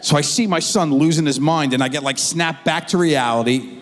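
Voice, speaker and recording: A middle-aged man performing a stand-up comedy routine, telling a story with animated delivery and acted-out voices. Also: a little high, moderate pace, in a large hall.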